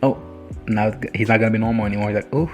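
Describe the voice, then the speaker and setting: A man's voice: on the low side, completely flat delivery, rapid-fire, darkish tone, faint music behind. A man giving a casual, foul-mouthed recap of a TV episode, laughing often and acting out the characters. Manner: crude, swears freely, laughs often, acts out characters. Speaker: reaction vlogger.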